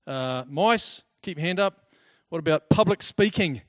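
A man giving a talk to a live audience, lively and chatty, telling personal stories and acting out the people in them. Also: fairly high pitch, a little slow, no room sound, studio quality. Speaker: speaker presenting to a group.

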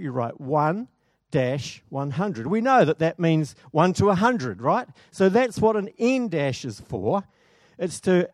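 A man's voice: a little high, a little mellow, no echo, studio quality. A man preaching a sermon in a church, chatty and enthusiastic, often asking the congregation questions.

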